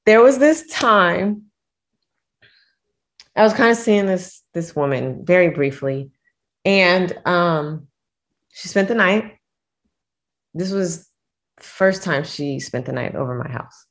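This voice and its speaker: A young woman as a guest in a casual chat, talking in a relaxed, agreeable way. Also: lowish voice, slow pace, long pauses. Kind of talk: casual conversation.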